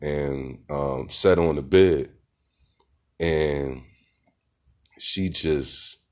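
Very deep-voiced man telling a story. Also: a little mellow. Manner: laid-back, rambling, heavy with fillers. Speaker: podcast host. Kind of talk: casual storytelling monologue.

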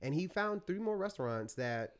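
An American man telling stories in a casual chat, animated and acting out quoted voices. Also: high-pitched, moderate pace. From United States. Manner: animated storyteller, acts out quotes.

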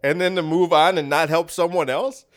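Brief: a man doing an exasperated man, pitched up high, firing off disbelieving questions. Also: steady tone, moderate pace, natural voice. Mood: incredulous. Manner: incredulous, pleading questions. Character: exasperated man complaining he was left behind.

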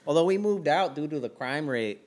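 A man's voice: fairly high pitch, animated, brisk, pitched above the performer's own voice, close to an everyday voice. A man voicing a chatty, neighborly Midwestern everyman in a put-on Midwestern accent with exaggerated folksy politeness.

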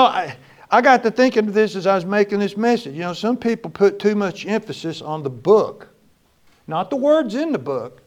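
A male pastor preaching a sermon, moving between loud exclamations and quiet, low lines.

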